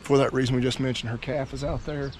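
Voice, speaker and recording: A man's voice: medium pitch, fairly even intonation, quick pace, darkish tone. A man in his thirties or forties, a cattle farmer hosting his own vlog, talking in a folksy, chatty way with the odd dad joke while out of breath and tired from handling a cow outdoors. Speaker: cattle farmer and channel host. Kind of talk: casual farm vlog talk. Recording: faint outdoor background noise.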